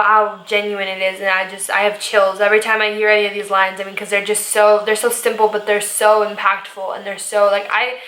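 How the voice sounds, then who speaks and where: A young woman vlogger reacting to music, gushing and rambling excitedly with lots of fillers. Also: medium pitch, brisk, few pauses. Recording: echoey room.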